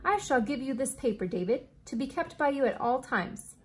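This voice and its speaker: A woman's voice: sits high, expressive, a little hiss or hum. Woman reading as a precise, old-fashioned male inventor. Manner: formal, old-fashioned, slow and deliberate. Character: eccentric formal male inventor, precise and kindly.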